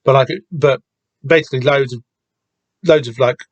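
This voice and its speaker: Man, podcast host, mid-pitched voice, stop-start rambling, swears casually, dry close sound. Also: fairly even intonation, normal speed, slightly rough, no room sound, muffled recording. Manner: hesitant, lots of restarts and casual swearing. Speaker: podcast host discussing a comic.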